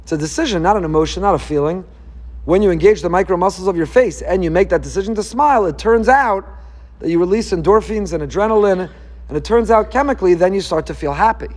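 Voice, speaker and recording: A man, a rabbi, giving an emphatic and animated Torah lecture. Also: sits high, fast. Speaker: rabbi teaching a class.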